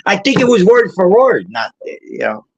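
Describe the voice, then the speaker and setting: A man's voice: high voice, wildly swooping pitch, normal speed, gravelly, dull audio, a little hiss or hum. A man telling heated, profane stories in casual live-stream chat, a regular of the show. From Puerto Rico.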